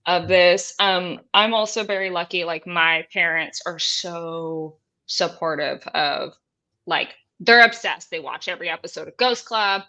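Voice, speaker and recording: Bright, giggly young woman co-host. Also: on the low side, measured pace. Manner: giggly, gushing, self-deprecating. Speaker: co-host of a paranormal show. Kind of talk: casual live-stream chat.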